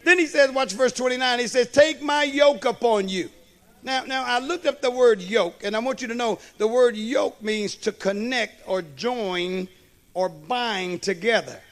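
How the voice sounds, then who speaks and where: A man preaching a sermon as a pastor, slow and emphatic, tossing in "amen" and questions to the congregation. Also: very high-pitched. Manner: preaching with call-and-response asides; slow, emphatic delivery with storytelling.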